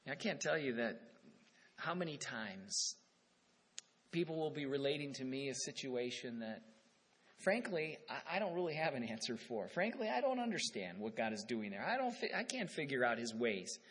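A man's voice: medium pitch, sing-song, moderate pace, fairly bright tone, breathy edge. A male pastor preaching a sermon, reading scripture aloud with rising emphasis and then commenting in a conversational way.

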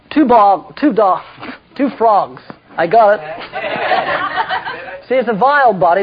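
A man's voice: high voice, background noise. A man preaching a humorous sermon with storytelling, jokey asides and self-mocking slips, heard in a dull lo-fi recording.

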